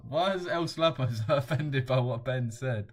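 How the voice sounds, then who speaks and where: A young man hosts a casual trading livestream in a medium-pitched voice at normal speed, with faint music behind him. He's blunt and slangy, swearing freely and chuckling while reading viewer comments aloud.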